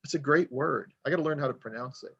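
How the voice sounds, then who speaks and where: Casting note: gravelly man, chatty author guest, dull lo-fi audio. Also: mid-range voice, fast talker, fairly bright tone. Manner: rambling, storytelling, self-deprecating. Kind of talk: casual podcast conversation.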